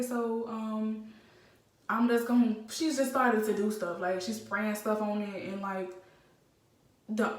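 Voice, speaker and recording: A young woman telling a casual storytime vlog, animated and slangy with lots of fillers. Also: medium pitch. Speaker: vlogger. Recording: roomy, slightly distant phone mic.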